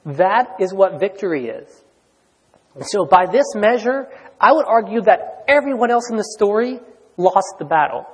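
A man preaching a sermon in a conversational, excitable way, with lots of "like" and "you know". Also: sits high, a little slow, breathy edge. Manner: conversational, filler-heavy, excitable. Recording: long hall reverb.

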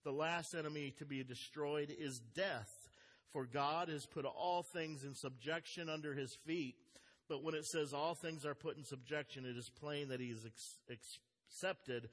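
A man's voice: medium pitch, unhurried. A man preaching a sermon as a pastor, speaking earnestly and reading scripture aloud with emphasis. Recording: long hall reverb.

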